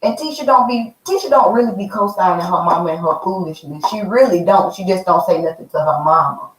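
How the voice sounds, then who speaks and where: A woman chatting in an animated way as she reviews a reality show, calling her viewers "y'all" and "honey.". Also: on the low side, brisk, a little hiss or hum. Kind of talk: casual chat. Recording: roomy, mic at a distance.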